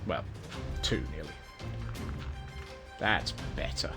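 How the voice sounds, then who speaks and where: Here the Scottish streamer's voice rumbles low, with lively intonation and an unhurried pace. He offers casual gameplay commentary and self-deprecating jokes over faint background music.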